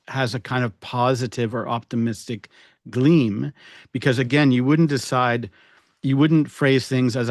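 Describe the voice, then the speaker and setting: A man hypnotherapist speaks in a mid-range voice during relaxed podcast conversation. He explains ideas with playful asides and a few restarts. The recording sounds dry and close. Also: medium pitch, dry recording. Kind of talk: casual podcast chat.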